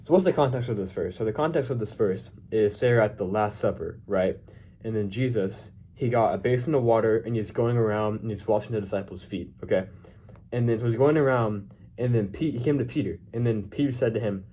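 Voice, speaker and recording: A young man teaching a Bible verse in a casual devotional video, relaxed and informal with lots of filler words. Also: on the low side, brisk, a little hiss or hum.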